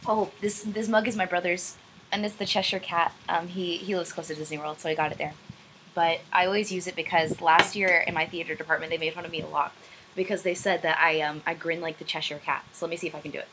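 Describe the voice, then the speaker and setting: A woman's voice: fairly low pitch, steady tone, fast talker, a bit bright, a little hiss or hum, low-quality recording. A young woman vlogger answering viewer questions in casual chat, rambling and self-deprecating, with many ums. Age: young adult. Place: room at home, backlit.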